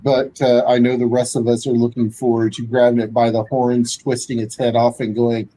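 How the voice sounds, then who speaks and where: A man hosting a casual tabletop-gaming live-stream chat, relaxed and jokey. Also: medium pitch, moderate pace, poor audio. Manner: relaxed, jokey, laughs while talking.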